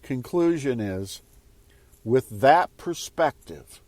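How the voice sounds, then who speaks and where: A man's voice: mid-range voice, expressive, takes it slowly, a little mellow, dry recording. A man giving a casual motivational talk to viewers, rambling and repeating phrases as he goes. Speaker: spiritual speaker.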